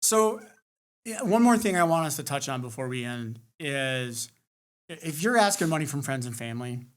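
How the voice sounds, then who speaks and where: A man co-hosting a podcast, talking bluntly and swearing casually in relaxed chat. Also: medium pitch, normal speed. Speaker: podcast co-host.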